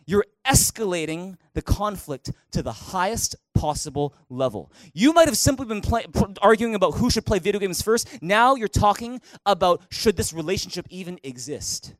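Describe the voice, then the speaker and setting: A middle-aged man preaches in an animated way, his voice pitched high. The sound is close and dry, with little room echo. He bursts into loud acted-out quotes to make his points. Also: moderate pace, hardly any pauses. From Canada. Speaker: pastor. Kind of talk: sermon. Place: church auditorium.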